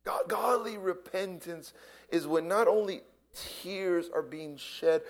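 A man preaching a sermon, swinging between hushed whispers and loud impassioned cries, often repeating his words. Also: high voice, measured pace, creaky.

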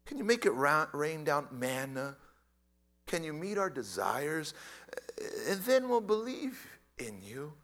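A wheedling, demanding crowd begging for signs, as a preacher acts it out. The bright male voice pleads and coaxes with lively swings of pitch. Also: takes it slowly, full character voice. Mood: pleading.

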